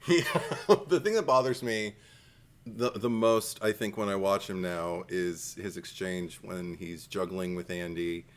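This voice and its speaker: A man's voice: deep voice, unhurried. A man co-hosting a podcast, chatting casually about a horror movie, laughing often and acting out lines from it. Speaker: podcast co-host. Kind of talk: casual movie critique chat.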